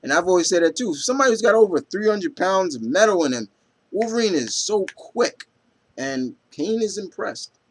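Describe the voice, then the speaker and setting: A man's voice: sits high, expressive, moderate pace, a little hiss or hum. A man talking casually in a comic book review vlog, rambling with lots of fillers, tripping over names and reading out quotes with enthusiasm.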